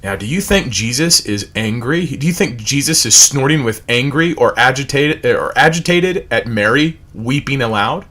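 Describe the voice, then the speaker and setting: Speaking at a moderate pace with few pauses in a medium-pitched voice, an American man runs a Bible study over livestream. He's animated, asks the same rhetorical questions again and again, and reads out definitions of words.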